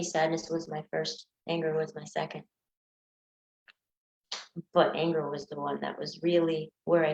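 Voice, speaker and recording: A woman coaching listeners through breakup stages in an earnest teaching talk, sometimes acting out examples. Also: fairly low pitch. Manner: earnest, acts out examples in small voices. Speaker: anxiety coach. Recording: echoey room, dull lo-fi sound.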